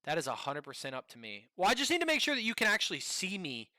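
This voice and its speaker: Lively, bright-voiced male streamer. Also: high-pitched, fast talker, no room sound, studio quality. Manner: profane, animated, rambling. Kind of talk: live reaction commentary.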